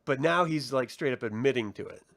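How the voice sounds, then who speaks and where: A man's voice: mid-range voice, a little fast, a bit bright, no echo, clean studio sound. A man co-hosting a casual TV review chat, swearing freely, laughing often and acting out the characters' lines. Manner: profane, laughing, acts out quotes. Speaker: co-host reviewing a TV episode.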